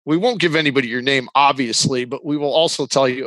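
Guesting on a podcast as a business consultant, this man speaks quickly at medium pitch with a fairly bright tone and no echo. His casual interview talk is earnest, though a dry sarcastic streak shows at times, and he laughs while explaining his views.

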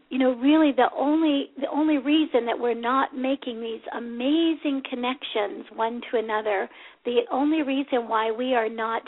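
A woman with a fairly high voice gives a reflective spiritual talk as a show host. She speaks gently and unhurriedly, often pausing between phrases. The sound is thin and tinny, like a phone line. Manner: gentle, unhurried, with many pauses. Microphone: phone call.

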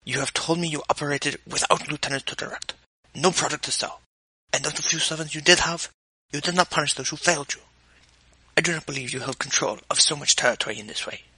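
A man voicing an annoyed male crime boss who speaks slowly with a heavy accent, in an audiobook reading. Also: medium pitch, steady tone, creaky, sharp tone, husky, no echo, exaggerated voice, low-quality recording. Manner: slow, strained, annoyed.

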